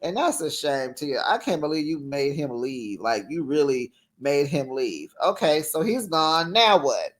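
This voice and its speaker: Reality TV reviewer, casual commentary, very expressive swooping pitch, animated, talks back to the screen. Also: measured pace, hardly any pauses. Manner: animated, talks straight to the cast, acts out quotes.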